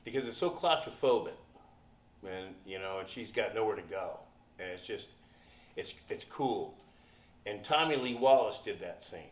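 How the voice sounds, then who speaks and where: An older man telling stories on a convention panel, profane and animated, often laughing as he talks. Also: lowish voice, moderate pace. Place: convention hall. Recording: echoey hall, from far off.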